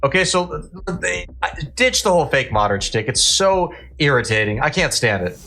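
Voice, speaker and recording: A man's voice: a little high, big pitch swings, moderate pace, gravelly, bright, forceful tone, a little hiss or hum. A man hosting a political commentary show, talking in a blunt, indignant and sarcastic way.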